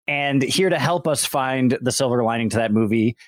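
A man's voice: mid-range voice, normal speed, no room sound. Guy co-hosting a movie podcast, dry close sound, easygoing jokey talk. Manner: dry, joking, introduces guests. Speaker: podcast co-host. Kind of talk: casual chat.

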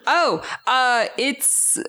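A woman speaking as a podcast co-host in a casual film discussion, hesitant and unhurried. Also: high-pitched, animated, pushed and bright, clean tone. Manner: slow, hesitant.

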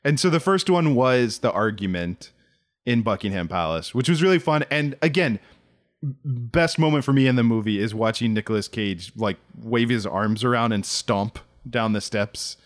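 A man co-hosting a podcast in casual chat, talking in quick animated bursts with frequent restarts. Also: mid-range voice. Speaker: podcast co-host.

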